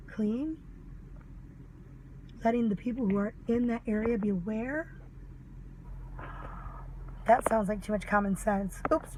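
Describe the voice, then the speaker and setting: Pissed off mom ranting at the camera, sarcastic, cusses a lot, kinda high voice. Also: female voice, a little mellow, a little hiss or hum, poor audio. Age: adult mother. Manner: heated, sarcastic, swears a lot. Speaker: vlogger. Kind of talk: angry ranting monologue.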